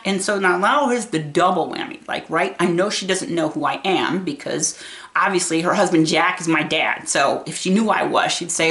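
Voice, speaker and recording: Earnest, lower-voiced middle-aged woman. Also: moderate pace, fairly bright tone. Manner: earnest, conversational, candid. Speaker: vlogger and family caregiver. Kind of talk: casual talk to camera.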